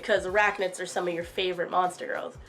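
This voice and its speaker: A woman's voice: fairly low pitch, little pitch movement, quick pace, a bit bright, soft background music. A woman in her twenties from the United States hosting a casual couple Q&A vlog outdoors, bubbly and teasing. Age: 20s. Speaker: YouTube host. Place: outdoors in sunlight.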